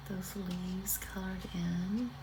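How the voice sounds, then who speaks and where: A woman's voice: fairly low pitch, flat delivery, slow pace. A middle-aged woman giving a casual crafting tutorial, chatty and thinking aloud as she works. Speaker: card-making instructor. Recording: distant mic, noisy room.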